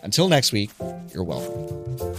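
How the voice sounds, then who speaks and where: A man's voice: fairly low pitch, measured pace, over music. A man hosting a casual podcast, chatting through news with lots of fillers and restarts. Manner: chatty, frequent filler words and restarts, lively emphasis. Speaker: podcast host.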